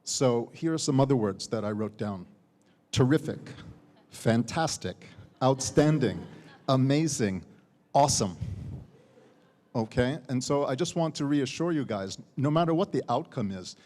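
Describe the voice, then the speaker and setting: A man's voice: mid-range voice, lively intonation, measured pace, darkish tone. American man giving feedback in a hall. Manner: ends phrases with a checking "okay?", repeats words while speaking. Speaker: competition judge, university teacher. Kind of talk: spoken feedback to student contestants. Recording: long hall reverb.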